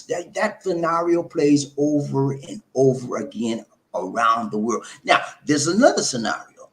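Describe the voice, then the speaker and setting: A man's voice: mid-range voice, a bit bright. A middle-aged man hosting a live advice talk, preachy and repetitive, calling viewers his friends. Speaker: host of a relationship channel.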